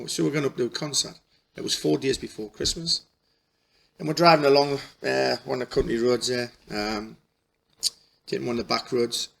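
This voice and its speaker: A middle-aged man telling a personal story in a halting, emotional way, restarting his sentences often. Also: mid-range voice, creaky, a bit bright, slightly rough. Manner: halting, repeats and restarts, folksy dialect. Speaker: spiritual healer.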